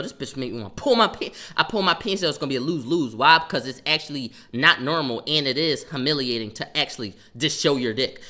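A young man telling a story on a livestream in casual chat, animated and profane, breaking off to react to viewers' comments. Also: fairly high pitch.

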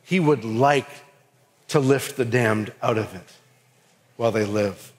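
A man's voice: medium pitch, slow. A man giving an earnest sermon as pastor with a Southern US accent. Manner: earnest preaching, acts out quoted voices. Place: church sanctuary. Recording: long reverb of a hall.

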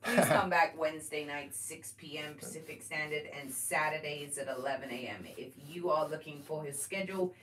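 A woman with a lower voice co-hosting a live painting stream, giving upbeat announcements and passing on viewer comments. She sits away from the mic, and faint room noise hums behind her. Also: normal speed, hardly any pauses, a bit bright, distant mic. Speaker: co-host and chat moderator.

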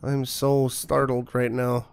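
Sarcastic male streamer, slow drawl, profane gameplay commentary. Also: medium pitch, completely flat delivery, gravelly, a little hiss or hum.

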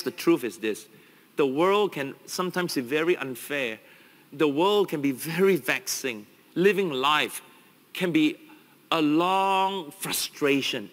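Impassioned high-voiced preacher, long reverb. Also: male voice, pushed and bright. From Singapore. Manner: impassioned, swells and drops in pitch and volume. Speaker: pastor. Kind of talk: sermon.

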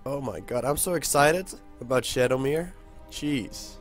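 A young man hosting a casual let's-play, excitable and chatty with his viewers, with a hoarse voice that keeps cracking. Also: mid-range voice, a little slow, soft background music. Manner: excitable, talks to viewers while playing. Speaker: gaming channel host.

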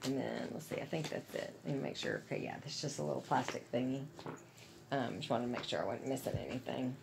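A woman's voice: rumbling low, very animated, quick pace, vocal fry, noisy background. A woman chatting casually and gushing to her viewers about gifts she is unboxing. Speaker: vlogger.

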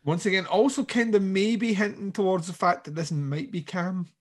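A man co-hosting a podcast, joking and agreeing in casual chat about a horror series. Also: high voice. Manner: quick agreeing interjections, joking asides. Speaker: podcast co-host.

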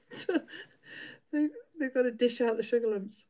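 A woman's voice: on the high side, slow, long pauses, warm tone. A middle-aged woman, chatting casually with live viewers while she sews, laughing often. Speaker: livestream host.

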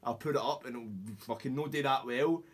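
A man's voice: mid-range voice, normal speed, slightly rough. A Scottish man hosting a podcast, telling rambling, sweary anecdotes in casual chat and acting out what people said. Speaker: podcast host.

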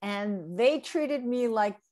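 A woman's voice: fairly high pitch, animated, slow, darkish tone. A woman in her sixties from New Jersey, a guest in a casual interview, telling a long anecdote and acting out the people she quotes. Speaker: interview guest, re-recording mixer.

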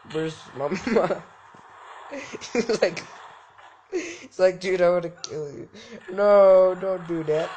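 A man's voice: sits high, lively intonation, slow pace, pauses often, darkish tone, a little hiss or hum. A young man giving goofy, jokey let's-play commentary, talking back to the game's characters. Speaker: gaming YouTuber.

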